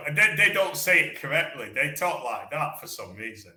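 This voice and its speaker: A man from England with a Manchester accent, teaching English in a relaxed online lesson, chatty and repeating words to model pronunciation. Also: fairly high pitch, moderate pace, few pauses, roomy sound.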